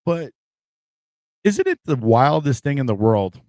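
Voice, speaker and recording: A man's voice: mid-range voice, very animated, a little slow, darkish tone, no echo. Rambling man, dry sound. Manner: rambling, filler-heavy. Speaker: podcast host, Marine veteran. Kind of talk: casual reflective chat.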